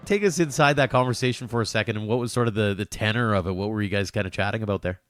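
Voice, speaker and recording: A man's voice: lowish voice, rapid-fire, over music. A man hosting a podcast interview, asking long, conversational questions. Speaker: podcast host.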